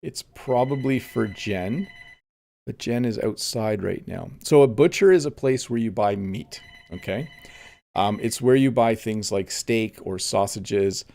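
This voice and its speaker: A man hosting a relaxed live-streamed English lesson while playing a game, explaining words plainly and reading viewer comments aloud. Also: on the low side, a little slow, vocal fry. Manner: frequent "um" and "let's see" as he looks around. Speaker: English teacher and host.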